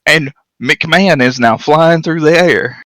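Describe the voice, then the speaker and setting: A man's voice: a little high, takes it slowly, a bit bright, dry recording, poor audio. A man co-hosting a podcast, casually correcting details and filling in background, with many restarts. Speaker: podcast co-host. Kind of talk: casual chat about wrestling history.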